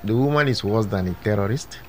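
Deliberate low-voiced male studio guest. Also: darkish tone, slight background noise. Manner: deliberate, sermon-like pronouncements with proverbs. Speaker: guest commentator. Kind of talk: studio discussion.

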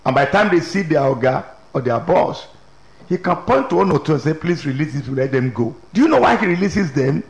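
A male preacher delivering an emphatic, repetitive sermon. His voice is fairly high and distinctly gravelly, and it rings through an echoey hall.

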